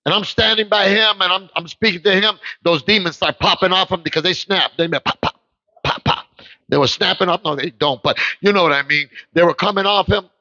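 A man preaching an impassioned sermon, telling stories and breaking into shouts, heard through muffled livestream audio. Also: high voice, fairly quick, no room sound. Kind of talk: sermon with storytelling.

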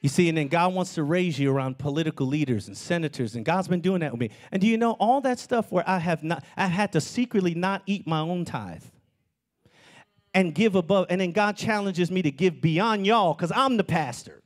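Animated male pastor preaching. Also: high voice, fairly quick. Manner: animated preaching with sudden shouted climbs. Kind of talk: sermon. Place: church sanctuary.

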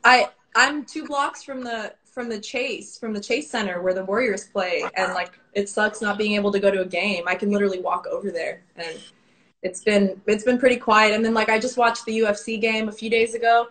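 A young woman hosting a casual interview, chatty and quick to laugh. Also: medium pitch, steady tone, fairly bright tone, a little hiss or hum, rough recording. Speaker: host.

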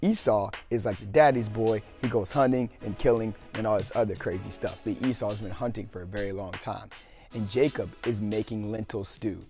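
A man's voice: fairly low pitch, normal speed, a little mellow, soft background music. A young man hosting a video and casually retelling an old story in a slangy, joking way. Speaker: video host.

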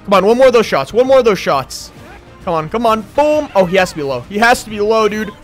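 A man commentating his own gameplay while sick and losing his voice, excitable and hoarse, repeating short calls as he plays. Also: sits high, soft background music. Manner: excitable, quick reactions, repeats short phrases. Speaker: gaming YouTuber.

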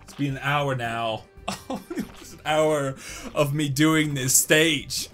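Frustrated young man yelling at a mobile game. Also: a little high, slow pace, music in the background. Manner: frustrated, swings from muttering to yelling. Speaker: gaming YouTuber.

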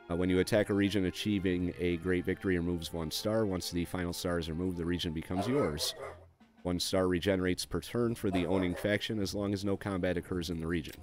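A man's voice: sits low, fairly even intonation, fast, over music. A man casually walking through a strategy game, reading on-screen text aloud with frequent fillers and dry offhand asides. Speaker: gameplay video host.

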